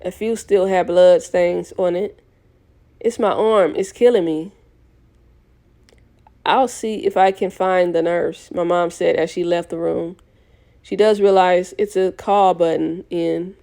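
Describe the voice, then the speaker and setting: A woman's voice: lowish voice, steady tone, slow pace, mellow. A young woman reading a novel aloud in a casual way, often correcting herself and restarting lines. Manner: reads with frequent self-corrections and restarts. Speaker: audiobook reader.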